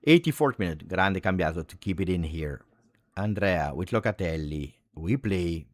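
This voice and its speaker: Male fan host, excitable live commentary, very lively intonation, dry close mic. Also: sits low, normal speed, no echo. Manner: excitable, swings from muttering to shouting. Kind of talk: live watch-along reaction commentary.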